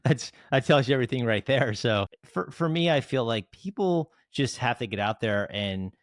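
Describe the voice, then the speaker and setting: A man's voice: mid-range voice, expressive, normal speed, dry recording, clean studio sound. A man from South Jersey hosting an interview podcast, talking casually and at length, full of fillers and restarts. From South Jersey, United States. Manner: chatty, rambling, many fillers and restarts. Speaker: podcast host.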